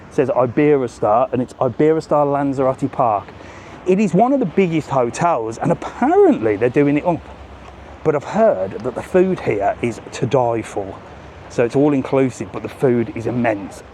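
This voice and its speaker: A man's voice: medium pitch, mellow, slight background noise. A man doing a live walking travel vlog, chatting and joking with passers-by. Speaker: travel vlogger. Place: outdoors on a seafront promenade.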